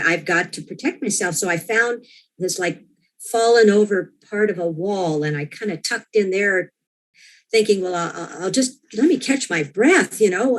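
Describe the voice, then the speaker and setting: A woman as an interview guest, earnestly recounting a personal experience, often restarting and quoting her own thoughts. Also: fairly low pitch. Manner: earnest, with frequent restarts and quoted inner thoughts.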